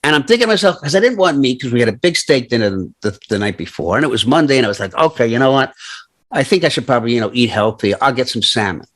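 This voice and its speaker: An older man co-hosting a casual talk show, telling stories in an animated, mock-ranting way. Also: medium pitch, quick pace. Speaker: podcast co-host. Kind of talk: casual chat.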